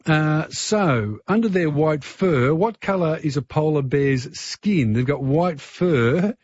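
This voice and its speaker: Chatty Australian radio quiz host. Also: male voice, a little high, animated, takes it slowly, a little mellow, breathy edge, no room sound, lo-fi sound. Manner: chatty, easygoing, filler-heavy.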